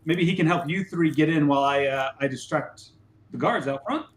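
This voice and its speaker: A man's voice: a little high, moderate pace, echoey room, a little hiss or hum. A man playing a tabletop role-playing game in character, stammering and flustered, with lots of restarts. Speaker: player.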